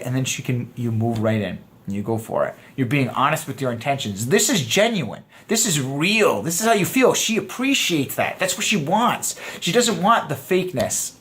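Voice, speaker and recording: A man's voice: mid-range voice, expressive, normal speed, hardly any pauses, a bit bright. A man teaching a dating course in a loose, conversational way, often acting out sample lines. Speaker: dating coach. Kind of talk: casual course lecture.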